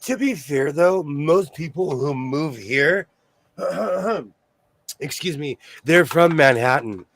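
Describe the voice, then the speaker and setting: A man's voice: on the high side, slow pace, no room sound. Chatty man hosting a sewing show. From New York State. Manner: rambling, animated storyteller who laughs often. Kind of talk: casual chat.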